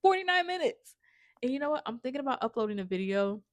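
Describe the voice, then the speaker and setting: A woman vlogging about her writing, chatting casually and excitedly to her viewers and often calling them y'all. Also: a little high, racing, dry recording. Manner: gushing, excitable, says y'all a lot. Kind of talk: casual chat to camera.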